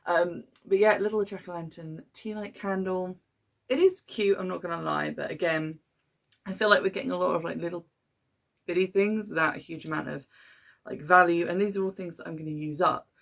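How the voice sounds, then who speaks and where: Woman, low voice, gravelly fry, chatty unboxing, hesitant, lots of ums. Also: fairly even intonation, a little fast, fairly bright tone. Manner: chatty, hesitant with many ums, mildly critical. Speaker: podcast host unboxing a subscription box. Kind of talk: casual unboxing chat.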